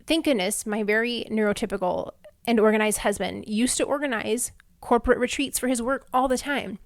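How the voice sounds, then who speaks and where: A woman's voice: fairly high pitch, fast talker, no echo, studio quality. A woman in her thirties hosting a casual solo podcast, chatty and heartfelt, with lots of "like" fillers. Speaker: podcast host. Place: Houston, Texas.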